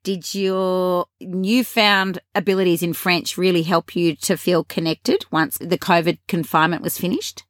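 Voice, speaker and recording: Australian woman, podcast host, lowish voice, close dry sound; chatty and encouraging. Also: fairly even intonation, unhurried, few pauses, no room sound. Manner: chatty, encouraging, asks leading questions. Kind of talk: casual interview chat.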